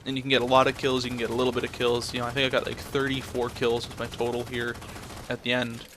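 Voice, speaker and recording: A man's voice: mid-range voice, completely flat delivery, fast talker, noisy background. A young man ranting in a blunt, profane way, telling a story and then commenting on his game footage. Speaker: gameplay commentator.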